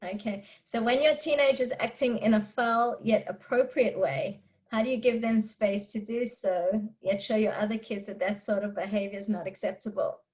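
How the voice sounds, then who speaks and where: A woman's voice: mid-range voice, fairly even intonation, moderate pace, a little mellow, rough recording. A woman giving candid, chatty answers to parenting questions during a live online talk, laughing often. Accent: non-Israeli English speaker living in Israel.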